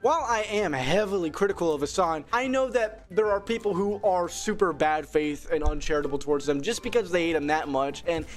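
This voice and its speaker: A man's voice: on the high side, expressive, a little fast, hardly any pauses, soft background music. A man narrating a commentary video from a script, sarcastic and theatrical. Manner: sarcastic, theatrical, with sudden shouts.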